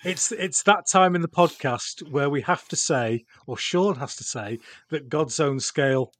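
A man hosting a podcast in casual banter, often halting and repeating his words. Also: on the high side, fairly bright tone, no echo. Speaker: podcast host.

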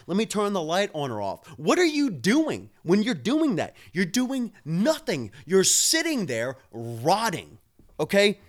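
A man's voice: sits high, wildly swooping pitch, a little slow. A man hosting a live stream, ranting with heavy swearing while drinking a beer and answering viewers. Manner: profane, fired-up ranting, talks to viewers.

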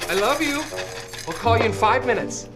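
Buddy the Elf, wide-eyed. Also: male voice, very high voice, animated, normal speed, over loud music. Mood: eager. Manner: wide-eyed, earnest and breathless. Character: childlike grown man raised by elves, excitable. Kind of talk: film dialogue.

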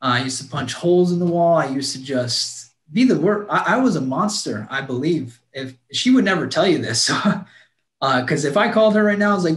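A man's voice: fairly high pitch, expressive, brisk. A man guest earnestly telling a heartfelt personal story, often restarting his sentences. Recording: roomy echo.

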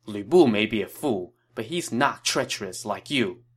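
A man's voice: on the low side, animated, normal speed, husky. Narrator guy doing a stubborn proud advisor, firm quoted lines in an audio story. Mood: defiant. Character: Chen Gong, proud defiant male advisor facing execution.

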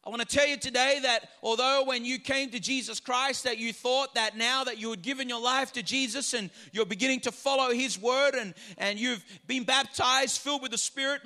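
A man's voice: very high-pitched, bright, forceful tone. A man preaching a sermon in church as pastor, praying and leading the congregation in call-and-response with emphatic, repeated phrases.

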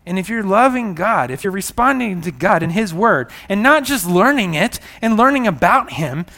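A male pastor with a notably high-pitched voice delivers a sermon. He preaches with emphasis and circles back to repeat his key lines. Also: very animated, moderate pace, pushed and bright.

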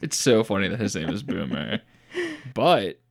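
A man co-hosting a casual podcast chat, recapping a movie with teasing jokes and deadpan asides. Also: sits low, moderate pace, vocal fry. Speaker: podcast co-host.

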